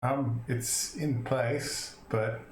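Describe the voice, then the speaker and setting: A man player talking in a relaxed, rambling way, in an echoey room with noise. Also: mid-range voice, extremely slow. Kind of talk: casual tabletop play.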